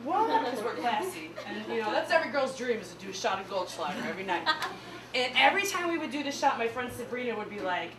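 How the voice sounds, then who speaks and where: A young woman with a Midwestern accent doing an animated stand-up set, laughing at her own punchlines. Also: a little high, fast talker, a crowd in the background. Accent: Midwestern American. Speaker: stand-up comedian. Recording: echoey room with mic far off.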